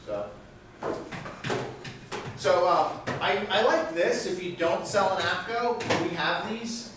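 An upbeat man leads a sales training session for a room of technicians, his voice sitting a little high. He talks in a loose, chatty way and laughs between his points. He is picked up from across a boomy, echoing room with a faint hiss under him. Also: expressive, slow. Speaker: product trainer. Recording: echoey room, mic far off.

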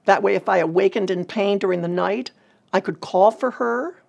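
Woman, ministry leader, gravelly husky tone, earnest and measured testimony talk. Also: mid-range voice, darkish tone. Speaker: ministry leader telling a personal story.

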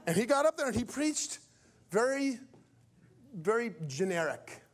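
A male preacher telling a story from the pulpit in an animated way, acting out each character's lines. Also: very high-pitched, unhurried, pauses often. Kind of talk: storytelling sermon.

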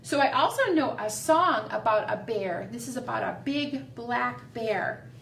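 A woman leading a library storytime, reading aloud to young children in a gentle, sing-song, encouraging way. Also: fairly high pitch, lively intonation, unhurried, gravelly, slight background noise. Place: library room. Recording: echoey room, voice caught from a distance.

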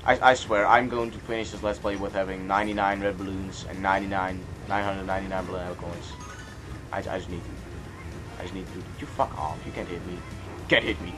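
A young man commentating on a video game, goofy and rambling, jumping between loud outbursts and mumbled asides, on a cheap microphone with hiss. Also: sits low, steady tone, quick pace, over music. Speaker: let's play commentator. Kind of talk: casual gameplay commentary.

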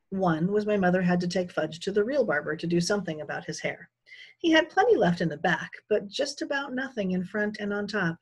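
A woman teacher reading a children's novel aloud in an unhurried, expressive way. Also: fairly low pitch, breathy edge.

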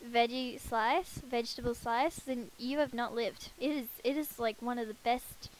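A woman's voice: fairly high pitch, steady tone, moderate pace, slight background noise, poor audio. A woman giving casual, chatty commentary while playing a life-sim game, talking to her characters and poking fun at herself. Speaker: let's play gamer. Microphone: headset.

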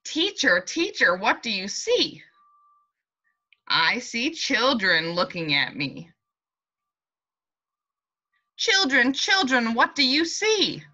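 A woman's voice: on the high side, huge pitch swings, lo-fi sound. Sing-song woman teacher reading to children. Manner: sing-song, warm and encouraging, speaking slowly and clearly to small children. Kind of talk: reading a picture book and leading a class meeting for young children.

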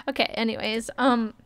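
A young woman talks to her stream audience in a relaxed, drawn-out way, teasing herself as she works things out aloud. Her voice is smooth and clean. The close mic gives a dry sound with no room in it. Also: on the high side, no room sound. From Canada. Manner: chatty and self-mocking, thinking aloud. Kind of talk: casual live-stream chat.

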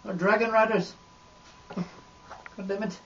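A man voicing a crude, boastful Irishman in a put-on Irish accent, rambling in deadpan. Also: sits high, slow pace. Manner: rambling absurd deadpan monologue. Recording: dull lo-fi audio with faint noise.

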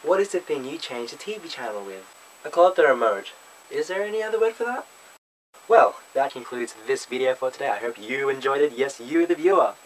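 Young man, Australian accent, playful, self-mocking, mid pitch, faint background hiss. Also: big pitch swings, a little fast, poor audio. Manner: playful, self-mocking, word-list reading. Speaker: vlogger. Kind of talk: casual accent tag video.

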